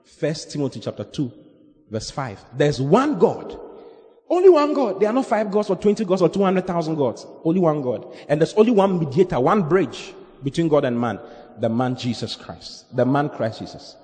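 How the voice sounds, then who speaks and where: A man preaches an evangelistic sermon at normal speed, swinging between loud, animated shouting and low, earnest scripture reading. The sound has a big-room quality.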